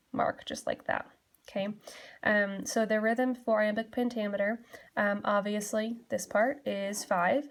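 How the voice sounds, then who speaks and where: A young adult woman teacher giving a classroom lesson, explaining patiently and steadily with frequent fillers. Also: mid-range voice. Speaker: English teacher.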